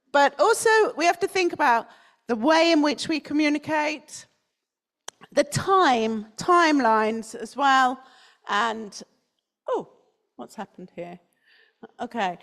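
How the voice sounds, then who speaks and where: A woman's voice: fairly high pitch, vocal fry. A woman from North London with a standard British accent, giving a chatty conference talk and putting questions to the audience. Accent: standard British English. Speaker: conference speaker. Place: conference hall.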